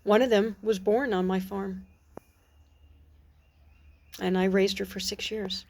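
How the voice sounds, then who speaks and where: A middle-aged woman talking earnestly and reflectively about her faith in a personal vlog, pausing and restarting her sentences, outdoors on a porch. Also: mid-range voice, level tone, darkish tone, slight background noise. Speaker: Christian vlogger. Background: birds and dogs outside.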